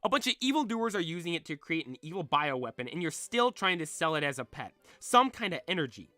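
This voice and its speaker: Male reader voicing an indignant young hero from a comic, earnest and urgent, slightly high, dry close sound. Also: very animated, fairly quick, pushed and bright, no room sound, soft background music.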